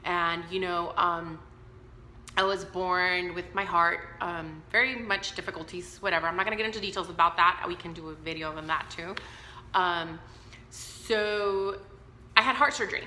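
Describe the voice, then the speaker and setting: A woman's voice: lowish voice, moderate pace, bright, forceful tone, roomy sound, a little hiss or hum. A woman around thirty talking frankly to her viewers in an unscripted personal vlog, with plenty of fillers and asides. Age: 30s. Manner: candid, talks straight to viewers with many fillers. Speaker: vlogger.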